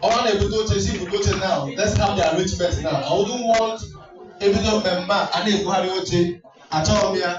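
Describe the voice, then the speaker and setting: A man's voice: high voice, steady tone, quick pace, distant mic. A man hosting a community party, teasing the crowd playfully as he mixes English and Igbo. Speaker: event host. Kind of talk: joking emcee banter at a party. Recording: echoey hall, mic from afar, dull sound with loud music.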